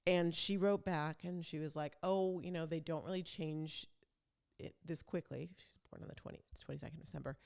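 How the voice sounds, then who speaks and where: Low, gravelly-voiced chatty woman. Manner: chatty, rambling, self-described talker. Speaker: vlog host. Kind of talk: casual chat.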